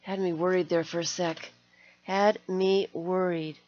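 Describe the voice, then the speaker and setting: A woman's voice: fairly low pitch, level tone, unhurried, a little mellow. A middle-aged woman hosting an art live stream, chatting casually and gushing with delight as she opens mail. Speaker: art channel host. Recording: slightly dull lo-fi stream audio.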